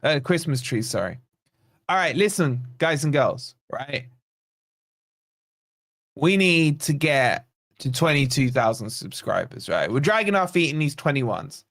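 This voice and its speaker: A man's voice: fairly high pitch, very animated, unhurried, gravelly, long pauses, fairly bright tone. A man hosting a live fan watch-along stream, reading out chat comments with chatty, teasing banter. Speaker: fan channel host.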